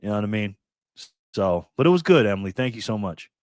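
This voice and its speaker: A man's voice: fairly low pitch, lively intonation, quick pace, a little mellow, smooth, no room sound, clean studio sound. A man hosting a casual livestream, greeting viewers by name and calling them "man" and "bro". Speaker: livestream host. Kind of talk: casual livestream chat reading viewer comments.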